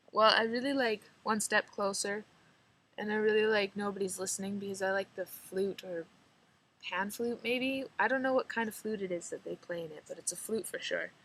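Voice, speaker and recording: A woman's voice: medium pitch, fairly bright tone, low-quality recording. Teen girl vlogger, slight drawl, chatty and giggly, mid-range voice. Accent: slight rural drawl. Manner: chatty, rambling, giggly, lots of "like". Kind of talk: casual chat to camera.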